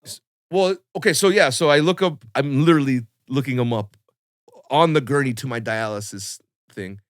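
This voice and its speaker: A young man telling a long personal story on a podcast in a casual, animated way, full of swearing and fillers. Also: mid-range voice, normal speed, no room sound, clean studio sound. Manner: animated, swearing, lots of fillers, acts out quotes.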